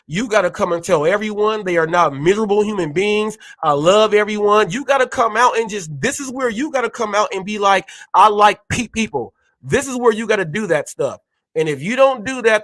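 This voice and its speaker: A man's voice: high voice, normal speed, fairly bright tone, no echo. A man hosting a gig-economy show, ranting with emphatic repetition and indignation. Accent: Californian English. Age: adult, a parent. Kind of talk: heated live commentary.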